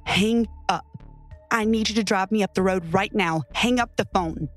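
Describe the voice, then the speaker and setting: A woman's voice: medium pitch, moderate pace, soft background music, natural voice. Woman reader voicing a slurring, panicked man. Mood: demanding. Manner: slurred, demanding. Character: drunk injured panicked man.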